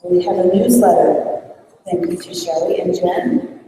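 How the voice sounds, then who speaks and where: A woman's voice: on the low side, unhurried, far from the mic, noisy background. Woman thanking her team in an echoey hall. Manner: upbeat, reads off names and thank-yous. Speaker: outgoing leader of a librarians' network. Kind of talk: thanks and announcements at a conference breakfast. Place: large conference hall.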